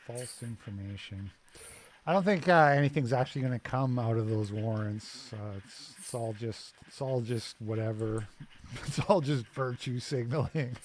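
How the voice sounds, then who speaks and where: A man's voice: mid-range voice, normal speed, a little hiss or hum. A man hosting a podcast, chatting casually and sardonically about a news clip, with frequent laughs. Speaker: podcast host. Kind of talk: casual commentary chat.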